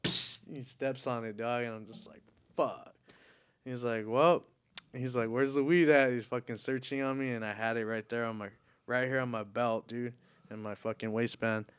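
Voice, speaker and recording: A man's voice: mid-range voice, fairly even intonation, moderate pace, fairly bright tone, smooth. A man telling a story in casual chat, slangy and profane.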